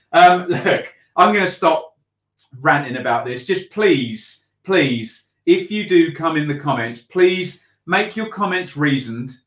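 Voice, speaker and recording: A man hosting a football channel, giving a passionate, emphatic reaction full of repeats and ums. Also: medium pitch. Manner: animated, emphatic, repeats phrases, many ums. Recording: echoey room.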